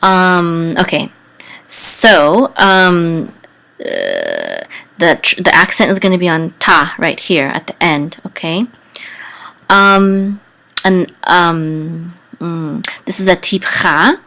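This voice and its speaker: A woman teaching Hebrew reading and chant in a casual, halting way, with many fillers, breaking into a higher sung tone for the words. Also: huge pitch swings, gravelly, pushed and bright.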